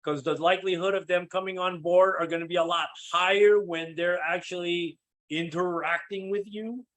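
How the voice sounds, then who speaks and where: A man leading a live sales coaching session, energetic and checking in with his listeners as he acts out sample calls. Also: sits high, moderate pace. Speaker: sales team trainer.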